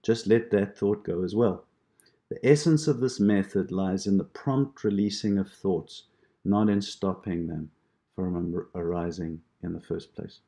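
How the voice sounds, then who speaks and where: A man teaching a prayer practice, explaining it gently and reassuringly with imagery. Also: sits low, a little slow. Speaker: meditation teacher. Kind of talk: instructional talk on prayer practice.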